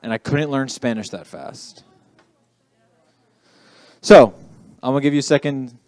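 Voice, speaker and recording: A man's voice: mid-range voice, unhurried, darkish tone, no echo. Young male youth pastor, casual sermon delivery, self-deprecating, dry close recording. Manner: chatty, self-deprecating, says "okay" often. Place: church youth room.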